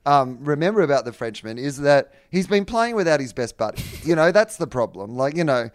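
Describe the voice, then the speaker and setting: A man's voice: on the high side, sing-song, a little fast, no echo. Laid-back Australian man on a dry mic. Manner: loose, swearing, frequent fillers. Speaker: podcast co-host. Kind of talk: casual sports chat.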